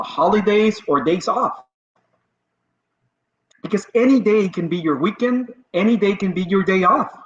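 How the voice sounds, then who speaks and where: Slow-talking high-voiced man in a roomy room. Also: a bit bright. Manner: chatty and conversational, with repetitions. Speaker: podcast host. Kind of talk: casual motivational business talk. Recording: roomy, dull lo-fi sound.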